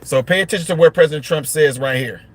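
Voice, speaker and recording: A man's voice: on the high side, quick pace. A man hosting a casual live-stream news commentary, chatting straight to his viewers and ranting animatedly. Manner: chatty, addresses viewers directly, rants animatedly. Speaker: commentator and channel host.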